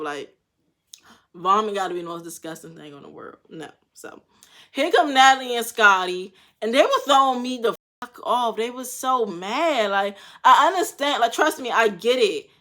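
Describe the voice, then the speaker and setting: A woman's voice: a little high, fairly bright tone. A young woman talks through a reality show episode in loose, slang-filled commentary. She is blunt and swears freely, reacting with frank opinions. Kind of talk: casual commentary.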